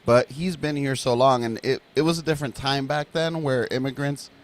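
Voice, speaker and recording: A man from Miami with a slight Hispanic Miami accent, chatting in a relaxed way. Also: mid-range voice, normal speed. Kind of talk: casual chat.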